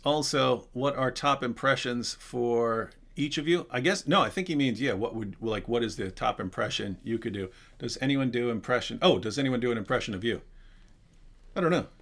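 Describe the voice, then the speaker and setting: Casting: man hosting a live Q&A, mid-pitched, conversational, rambling asides and restarts. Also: normal speed. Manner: animated, rambling, self-interrupting. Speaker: live Q&A host. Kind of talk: casual livestream chat.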